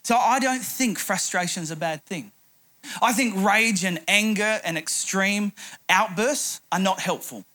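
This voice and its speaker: A man's voice: high voice, a little slow, pushed and bright. A middle-aged man preaching a sermon, telling a humorous anecdote as a pastor.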